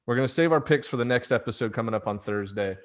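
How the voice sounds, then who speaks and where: A man's voice: medium pitch, fast. A man hosting a casual sports podcast, talking in a rambling way full of fillers and often laughing. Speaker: podcast host.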